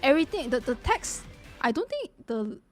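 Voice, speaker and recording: A woman's voice: high-pitched, very animated, moderate pace, a little mellow, soft background music. A woman streamer chatting casually while reacting to game scenes, giggling easily and apologizing often. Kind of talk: casual live-stream chat.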